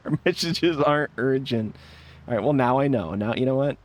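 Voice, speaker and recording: A man's voice: medium pitch, slight background noise. A man giving casual live commentary while playing a game, joking and laughing often. He banters defensively with his chat. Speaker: streamer.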